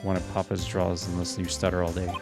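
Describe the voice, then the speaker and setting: A man's voice: on the low side, unhurried. A man voicing a feisty Southern woman photographer with an exaggerated drawl, reading a game aloud. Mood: defiant. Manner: folksy, scolding. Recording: game music behind the voice.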